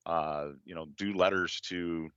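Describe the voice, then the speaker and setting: A male guest explains things earnestly in a very low voice with a bright edge. The sound is dry and somewhat dull, like lo-fi stream audio. He fills his talk with ums and you-knows. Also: fairly even intonation, a little slow, smooth, no echo. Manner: earnest, explanatory, many fillers. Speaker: guest drone legal advocate. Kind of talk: casual interview talk.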